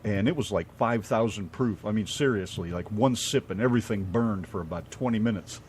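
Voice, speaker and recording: A man's voice: lowish voice, a little fast, a little mellow, slight background noise. A middle-aged American man co-hosting a radio show, telling rambling stories and swearing casually. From United States.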